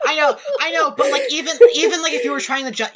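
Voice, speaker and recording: A woman's voice: sits high, fairly even intonation, fast, crowd noise. A woman co-hosting a podcast in casual chat, laughing and rambling off on tangents. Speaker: podcast co-host.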